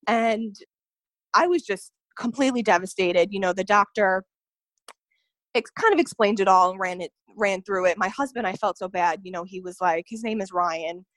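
Her voice is mid-range and a bit bright, with no room sound, as this young adult woman guests on a podcast. She tells a personal story earnestly, with lots of "like" and "you know."

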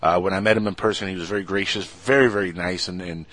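A man appearing as a guest on a podcast, telling animated stories in casual chat. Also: sits low, fast talker. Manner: animated storyteller; acts out other people's voices when quoting them. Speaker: guest, radio show co-host.

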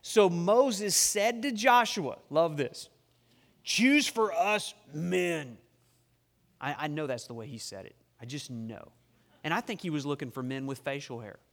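High-voiced pastor preaching with long echo. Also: male voice, animated. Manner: humorous, emphatic preaching with dramatic slowdowns. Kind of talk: sermon. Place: church sanctuary. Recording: long reverb of a church hall.

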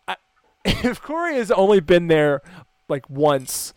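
A young American man co-hosting a podcast, chatting casually, laughing often and restarting his sentences. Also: high-pitched. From United States. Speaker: podcast co-host. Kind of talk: casual chat.

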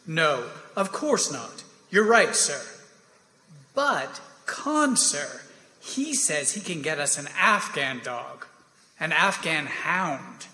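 A man's voice: a little high, very animated, takes it slowly, sharp tone, heavily acted. A man reading the part of an eager young army lieutenant who keeps pleading with his superior in a staged play reading. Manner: wheedling, persistent, keeps saying sir. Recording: echoey reverberant hall.

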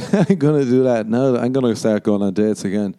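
A man's voice: medium pitch, brisk, warm tone, clean tone. A man hosting a podcast, rambling through a sardonic, sweary comedic monologue and putting on mocking voices for other people. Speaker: podcast host.

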